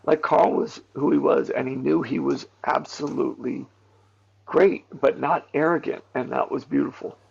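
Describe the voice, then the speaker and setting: A man, a stuntman and actor, telling candid behind-the-scenes stories in an interview, animated and full of fillers and restarts. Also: medium pitch, normal speed, vocal fry, breathy edge. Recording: dull lo-fi audio.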